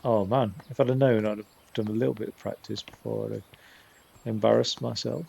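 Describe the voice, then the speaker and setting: A man's voice: on the low side, fairly even intonation, brisk, gravelly, a little mellow, slightly rough. A man rambling in casual gameplay commentary, often stopping and restarting his sentences. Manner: rambling, self-interrupting chatter. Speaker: streamer.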